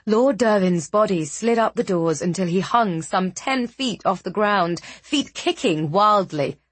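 A woman narrating a fantasy novel with measured, dramatic storytelling. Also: medium pitch, expressive, breathy edge, no echo. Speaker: audiobook narrator.

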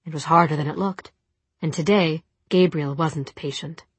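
Low, husky woman reading a novel. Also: steady tone, moderate pace, no echo. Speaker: narrator. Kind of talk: scripted audiobook narration.

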